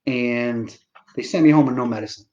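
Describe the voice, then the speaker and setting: A man in his forties talks casually on a live stream, rambling and swearing as he jumps back into his sentences. His voice sits at an ordinary middle pitch. The audio is dull and lo-fi. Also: normal speed, darkish tone. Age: 40s. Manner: rambling and profane, with restarts and self-deprecating asides.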